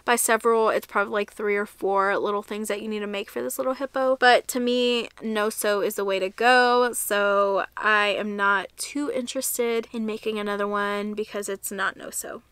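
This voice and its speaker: A woman's voice: medium pitch, fairly even intonation, normal speed, few pauses, a bit bright, clear, resonant tone, no echo. A young woman chatting casually in a crochet vlog, rambling and correcting herself as she shows her projects. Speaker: crochet vlogger. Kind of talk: casual show-and-tell vlog.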